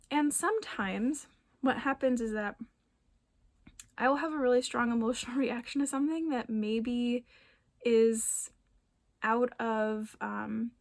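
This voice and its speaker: A woman in her thirties speaks in a gentle, conversational way, with frequent ums and small laughs as she reflects aloud. Her voice sits a little high. The recording is dry and close, with no room sound. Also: no room sound. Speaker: naturopathic doctor and wellness coach. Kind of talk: casual reflective talk to camera.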